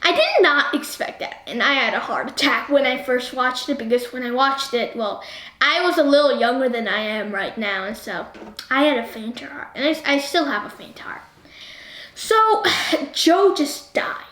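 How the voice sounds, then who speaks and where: A woman reviewing a movie in a chatty, animated way, constantly asking the viewer what they think. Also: sits high, moderate pace. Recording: roomy echo.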